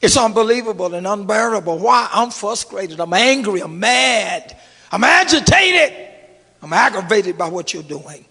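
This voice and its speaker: A middle-aged man preaching a sermon to his congregation, swinging from hushed asides to shouted exclamations and calling out to the crowd. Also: high voice, animated, normal speed, gravelly, husky. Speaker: pastor. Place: church sanctuary. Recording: long reverb of a large church hall.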